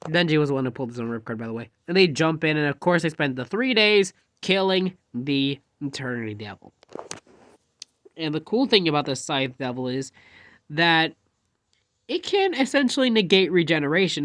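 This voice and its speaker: A man's voice: a little high, a bit bright, no room sound. A man casually telling a rambling fan story, jumping animatedly into quoted dialogue.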